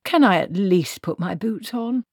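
A woman's voice: medium pitch, lively intonation, measured pace, no echo, clean studio sound, voice pushed up. A woman voicing an elderly, tired male wizard who grumbles as he talks, read as a storybook figure. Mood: weary.

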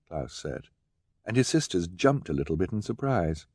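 A man's voice: sits low, sing-song, normal speed, a little mellow, husky, no room sound. A man narrating an audiobook with a dry, wry storytelling manner. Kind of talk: scripted narration.

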